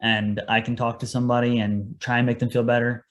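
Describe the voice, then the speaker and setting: An earnest young man talks casually as a podcast guest, telling how he got into his line of work. He speaks at an ordinary middle pitch and quotes his own past words as he goes. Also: level tone, brisk, lo-fi sound. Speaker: guest, paramedic.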